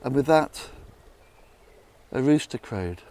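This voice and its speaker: A man narrating a Bible story in a dramatic retelling style, dropping to hushed tones. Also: lively intonation, slow, vocal fry. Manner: dramatic, hushed low passages.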